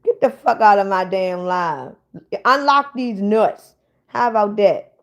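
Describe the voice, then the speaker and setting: A woman's voice: mid-range voice, measured pace, lo-fi sound. A woman hosting a casual livestream, bluntly ranting and swearing at viewers in the chat. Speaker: livestream host.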